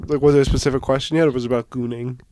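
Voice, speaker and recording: A man co-hosting a podcast, chatting casually in an animated way, laughing often and swearing freely. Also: mid-range voice, racing, a little hiss or hum. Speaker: podcast co-host. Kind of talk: casual chat.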